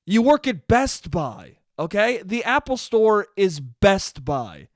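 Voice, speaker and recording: Profane ranting man, high-pitched, dry sound. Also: sing-song, slow, no echo. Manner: profane, exasperated ranting with sudden loud spikes. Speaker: podcast host. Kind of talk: solo ranting podcast monologue.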